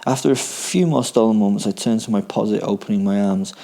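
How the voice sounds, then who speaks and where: A man's voice: fairly low pitch, a little fast, vocal fry, dark tone. A man narrating a first-person horror story in a dry, darkly comic, matter-of-fact way. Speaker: podcast host and narrator.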